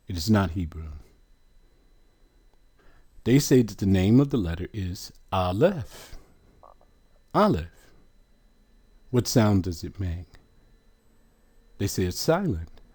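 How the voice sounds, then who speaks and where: A man teaching a lesson from a letter chart, asking questions and repeating each sound slowly. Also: deep voice, expressive, dark tone, slightly rough, no room sound.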